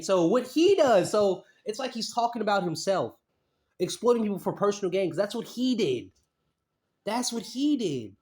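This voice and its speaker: A man's voice: high voice, animated, normal speed, long pauses, darkish tone. A man, reading a statement aloud and mocking it in casual commentary, repeating his points. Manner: repeats phrases, skeptical and mocking.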